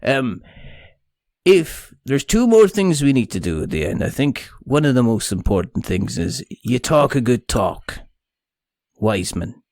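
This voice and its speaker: A man's voice: medium pitch, big pitch swings, unhurried, a little mellow, no echo. A man hosting a podcast interview, teasing his guests and laughing often as he rambles. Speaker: podcast host.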